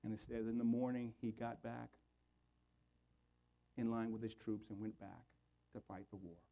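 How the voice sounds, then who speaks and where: Gravelly, earnest male pastor. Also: lowish voice, level tone, moderate pace, dark tone. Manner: earnest, pleading, voice rising and falling. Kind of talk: sermon with altar call and prayer.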